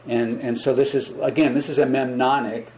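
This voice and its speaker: A man giving an informal spiritual lecture to a small group, speaking gently and repeating words, growing animated when he acts out examples. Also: mid-range voice, moderate pace, crowd noise, poor audio. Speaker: spiritual teacher.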